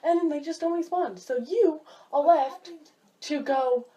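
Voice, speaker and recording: A woman talking casually to camera in a vlog, animated, jumping high when she mimics people and dropping low for asides. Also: slow pace. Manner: drops low and quiet for asides. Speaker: vlogger.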